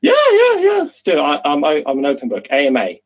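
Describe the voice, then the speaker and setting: A man performing a spoken word poem slowly and dramatically, with long pauses, over a video call. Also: on the high side, huge pitch swings, rough recording.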